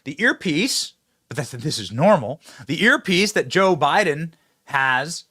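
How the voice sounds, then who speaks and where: Host read: man, sarcastic political commentator, lively swooping delivery, dry close mic. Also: on the high side, a little slow, slightly rough, no room sound. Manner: mocking, sarcastic, laughs at own jabs. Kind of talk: fast opinionated political commentary. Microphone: close studio mic with earpiece.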